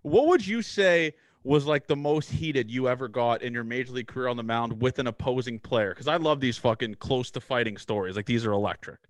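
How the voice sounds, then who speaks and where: A man's voice: medium pitch, brisk, hardly any pauses, no room sound. A man hosting a casual interview, asking eager questions with some swearing. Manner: eager, profane. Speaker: podcast host.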